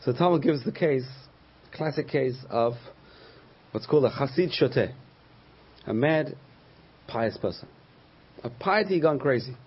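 A man's voice: medium pitch, lively intonation, measured pace, pauses often, slightly rough, dull audio. A man teaching a Torah class as a rabbi, telling stories and acting out the voices of the people in them. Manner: storytelling, acts out quoted voices.

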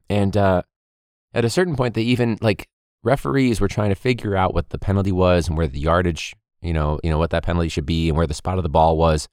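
A man's voice: low-pitched, fast talker, a little mellow, no room sound, clean studio sound. A man who is a teacher and football coach hosting a casual podcast, ranting with heavy swearing and frequent laughs.

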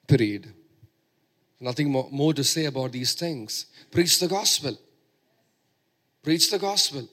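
A man's voice: fairly high pitch, fairly bright tone. A man preaching a sermon, emphatic and repeating phrases for stress.

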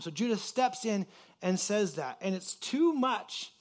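A man gives a loose, chatty sermon in a fairly high voice. He drops in lots of fillers and slips into voices for the people in the story. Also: unhurried. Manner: casual and animated, acting out quoted voices; uses many fillers like "like". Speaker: pastor. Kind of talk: conversational sermon.

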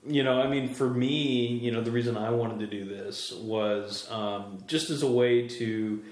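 Animated man hosting in an echoey room. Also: mid-range voice, unhurried. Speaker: podcast host. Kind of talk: casual chat. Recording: roomy echo.

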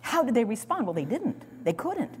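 A woman's voice: on the high side, very animated, moderate pace, husky. Woman preaching in a reverberant hall. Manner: dramatic storytelling, repeats words. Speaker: Bible teacher. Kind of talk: sermon.

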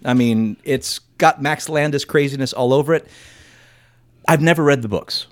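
A man's voice: mid-range voice, moderate pace. A man hosting a podcast in casual chat, talking about his week with enthusiasm and often restarting his sentences. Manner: chatty, enthusiastic, stumbles and restarts as he talks. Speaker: podcast host.

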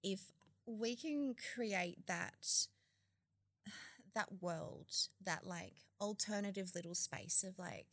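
A woman, a podcast guest, talking in a calm, encouraging way and often agreeing with the host. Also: medium pitch, takes it slowly, no room sound, clean studio sound. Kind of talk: casual chat.

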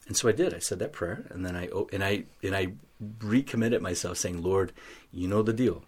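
A man's voice: deep voice, fairly quick, husky. A man earnestly telling a personal faith story as an interview guest, acting out the voices in it. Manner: earnest storytelling, acts out quoted dialogue.

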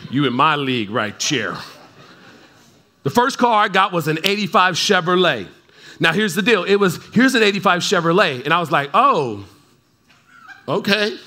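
A man with a high, sharp, bright voice gives a relaxed, conversational sermon. He keeps checking in with his listeners and drops in playful asides. It sounds like a church talk given to a live congregation. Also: moderate pace, pauses often. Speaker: pastor. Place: church service in front of a congregation.

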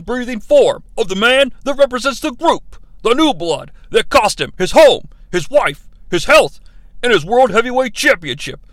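A man's voice: very high-pitched, a bit bright, dry recording, full character voice. A man putting on an overwrought male wrestling commentator, speechifying grandly.

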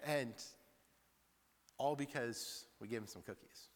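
A man's voice: mid-range voice, fairly even intonation, normal speed. A male preacher giving a sermon in a chatty, storytelling way, often laughing and tossing in "like" asides. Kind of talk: sermon with personal stories. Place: church hall. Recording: long reverb in church hall.

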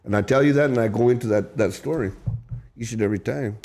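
A man's voice: mid-range voice, fast, darkish tone. A man telling his recovery story in an emphatic, profane, emotional way, often repeating and restarting his words. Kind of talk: candid storytelling.

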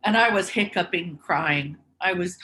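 A woman's voice: medium pitch, measured pace, pushed and bright, a little hiss or hum. A woman candidly telling personal stories and reflecting on them as she goes. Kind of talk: personal storytelling.

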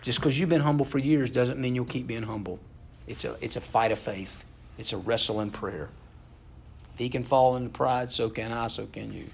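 A man's voice: medium pitch, normal speed, gravelly, slightly rough. A man preaching a conversational, earnest sermon, asking his listeners questions as he goes. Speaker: pastor.

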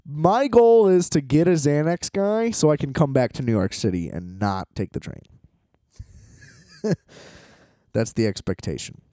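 A man's voice: on the high side, animated, unhurried, long pauses, warm tone, dry recording, studio quality. A man ranting casually about travel hassles, exasperated and profane, laughing often as he talks.

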